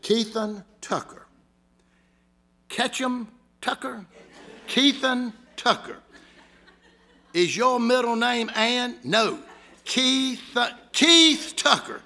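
Gravelly Southern preacher man. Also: high voice, bright, forceful tone. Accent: Southern US, Georgia. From Georgia, US. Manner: folksy storytelling, gravelly voice. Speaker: pastor. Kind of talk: sermon with humorous stories.

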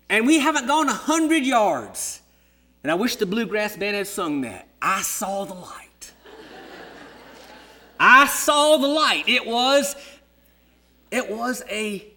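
A man in his sixties preaching a sermon as a story, dramatic, dropping to hushed whispers and rising to shouts. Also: high-pitched. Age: 60s.

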